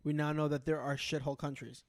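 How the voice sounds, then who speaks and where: A man co-hosting a casual podcast, telling stories in an animated, profane way. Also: a little high, fast talker, no room sound. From United States. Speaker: podcast co-host. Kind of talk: casual chat.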